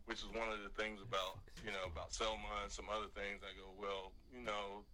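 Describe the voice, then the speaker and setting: A man's voice: fairly low pitch, flat delivery, a little fast, pushed and bright, low-quality recording. An American man answering in an interview, talking loosely with a lot of "you know" fillers. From United States. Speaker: actor in an interview clip.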